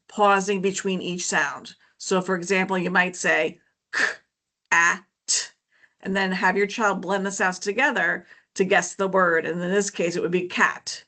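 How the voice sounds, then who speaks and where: A woman's voice: medium pitch, fairly even intonation, normal speed, hardly any pauses, a bit bright. A woman educator giving an informative presentation to parents, explaining in a friendly, teacherly way with frequent "um" and "okay, so".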